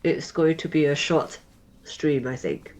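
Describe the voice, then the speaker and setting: A woman's voice: low voice, unhurried, a little mellow, rough recording. A woman co-hosting a let's play stream in casual chat, playful and jokey. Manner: playful, jokey, sings bits of songs. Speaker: streamer co-host.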